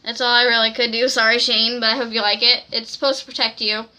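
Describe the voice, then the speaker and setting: A young woman telling an excited, rambling story to camera in a casual vlog, often giggling. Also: fairly high pitch, fast talker. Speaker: vlogger.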